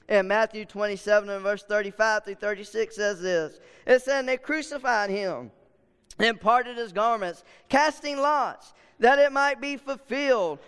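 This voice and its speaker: A man preaching an impassioned sermon, swelling loud and dropping to a hush. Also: sits high, smooth. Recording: long hall reverb.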